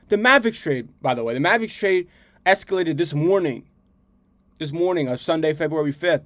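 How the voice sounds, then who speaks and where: A man's voice: sits high, no echo. A man hosting a podcast, giving casual sports commentary in a slangy, repetitive, heated way. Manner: repeats himself, slangy and animated, heated rants. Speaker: podcast host.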